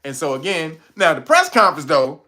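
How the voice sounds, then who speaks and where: Male host, casual commentary, lively swooping delivery, bright edge, laughs a lot. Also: a little high, a little fast. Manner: animated, laughs often, profane slang.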